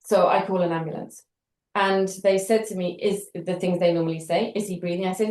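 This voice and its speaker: A middle-aged British woman, a guest in an interview, tells a story animatedly and briskly, acting out the quoted dialogue with wry humour. Her voice is lowish, and the recording has a roomy echo.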